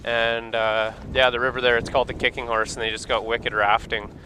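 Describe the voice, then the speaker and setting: A Canadian man with a bright, forceful voice rambles in an easygoing way as he runs a boat on open water. Faint wind and engine noise sit behind him. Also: mid-range voice, level tone, a little fast, rough recording. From Alberta, Canada. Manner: easygoing, rambling, laid-back. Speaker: boat operator on a live wildlife stream. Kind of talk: casual chat.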